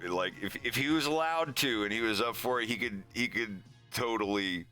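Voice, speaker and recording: A man's voice: medium pitch, moderate pace, bright, forceful tone, faint music behind. A man hosting a casual livestream, chatting in a rambling way with frequent laughs. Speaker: animator and show host.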